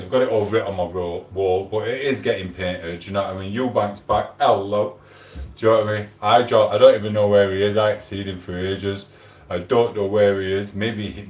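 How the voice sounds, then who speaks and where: A man hosting a casual livestream at home, chatting and greeting viewers by name. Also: fairly low pitch. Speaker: livestream host. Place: room at home. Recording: echoey room.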